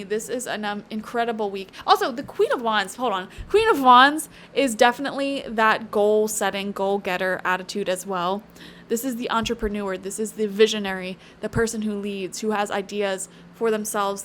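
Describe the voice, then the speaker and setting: A woman's voice: mid-range voice, a little hiss or hum. A woman doing a casual tarot reading to camera, chatty and emphatic, drifting into earnest pep talks and tossing in "okay?" and "you know". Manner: tangential, earnest pep talk. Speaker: tarot reader.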